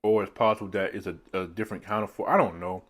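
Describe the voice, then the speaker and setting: A man's voice: lowish voice, fairly even intonation, fast. A man talking casually while eating a meal on camera. He rambles from one thought to the next and chuckles often at his own remarks, recorded on a phone set on a tripod. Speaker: mukbang vlogger. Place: seated indoors at a meal.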